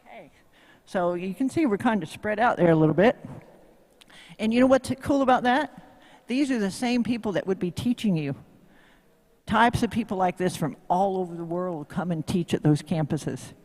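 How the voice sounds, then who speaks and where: A horsemanship instructor with a Tennessee accent speaks in a slightly mellow, mid-range voice at a moderate pace during a live demo. He's folksy and joking, tossing plenty of questions to the crowd, and his voice rings with the long reverb of a large venue.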